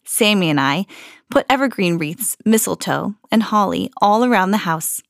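A woman reading a children's storybook aloud in an expressive, storytelling manner. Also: mid-range voice, normal speed, dry recording, clean studio sound. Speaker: podcast host reading to children.

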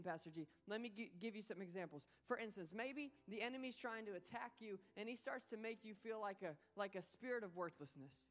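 A woman pastor preaching a sermon in a casual, storytelling way, acting out the quoted voices. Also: medium pitch.

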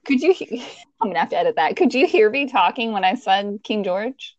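A woman's voice: mid-range voice, animated, a little fast, lo-fi sound. A woman with a Virginia accent co-hosting a podcast, chatting casually and rambling with little laughs and restarts over a call. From Virginia, USA. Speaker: podcast co-host.

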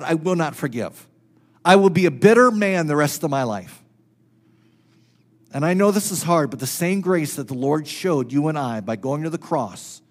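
A man preaches a sermon on the high side of the pitch range, framing it as a personal story. He varies between loud and whispered passages and repeats phrases for emphasis.

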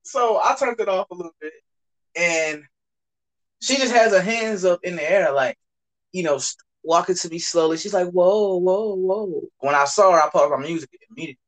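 A man's voice: high-pitched, fairly quick, a bit bright, low-quality recording. A young man telling a story in a casual podcast chat, full of slang and swearing, often mimicking other people's voices.

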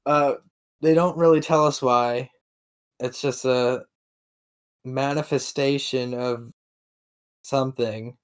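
A man's voice: medium pitch, fairly even intonation, slow pace, long pauses, clean tone. A man hosting a podcast, recapping a film in casual chat, laughing often and rambling with restarts. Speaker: podcast host.

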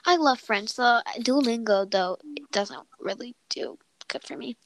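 Giggly, rambling young woman, high voice. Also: unhurried, a little hiss or hum, poor audio. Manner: giggly, rambling, self-interrupting. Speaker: podcast co-host. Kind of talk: casual chat.

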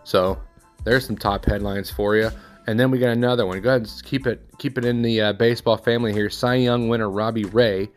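Casting note: thirty-something man, relaxed sports recap host, rambling and offhand, faint music behind. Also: on the low side, a little fast. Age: 30s. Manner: offhand, rambling score rundown with personal asides.

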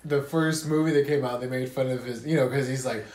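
This young podcast co-host has a medium-pitched voice and a fairly quick delivery. In a casual chat recorded in an echoey room, he spins animated stories, laughing often and acting out what people said.

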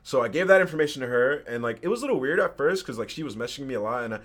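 A man's voice: mid-range voice, sing-song, rapid-fire, a bit bright. A man in his twenties, a podcast guest, casually telling a personal story with slang and swearing. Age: 20s.

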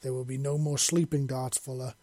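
A man voicing a huge male deathclaw creature who speaks slowly and formally, coldly furious at villains yet gentle with the freed captives. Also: medium pitch, level tone, lightly acted. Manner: slow, solemn, formal speech.

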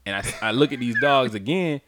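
A man on a casual podcast telling a long personal story, swearing freely, laughing through it and acting out his own shouts. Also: mid-range voice, lively intonation, a little fast, noisy background. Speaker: podcast co-host.

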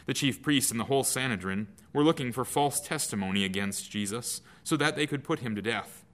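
A man reading a Bible passage aloud in a measured, clear way, as a lesson. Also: medium pitch, expressive, a bit bright. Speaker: scripture reader. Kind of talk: scripted scripture reading.

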